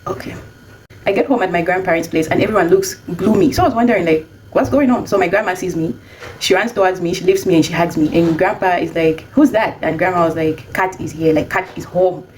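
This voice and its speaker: A young adult woman casually telling a personal story, chatty and animated when she quotes herself. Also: lowish voice, fast talker, slight background noise, poor audio.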